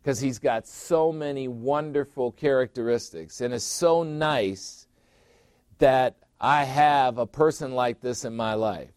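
A man's voice: medium pitch, takes it slowly, darkish tone, smooth, no room sound, clean studio sound. A middle-aged man preaching a sermon as pastor, emphatic, repeating phrases and putting questions to his listeners.

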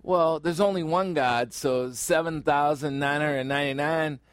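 A man's voice: a little high, steady tone, unhurried, smooth, no echo, studio quality. A man preaching a sermon as pastor, conversational and joking, acting out little exchanges. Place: church in Phoenix area.

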